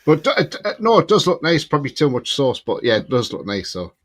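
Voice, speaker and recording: A man chatting as a guest on a casual live stream over a remote call, relaxed and a bit hesitant. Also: medium pitch, fast talker. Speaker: regular guest. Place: home setup, remote call.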